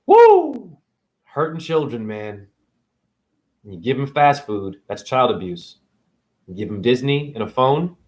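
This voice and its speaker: A man's voice: mid-range voice, animated, measured pace, long pauses. A man vlogging a rambling spiritual monologue, preachy and profane. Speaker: spiritual video blogger.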